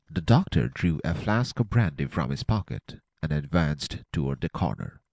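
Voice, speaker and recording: A man narrating an adventure audiobook with a dramatic, expressive reading. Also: a bass voice, moderate pace, few pauses, no room sound.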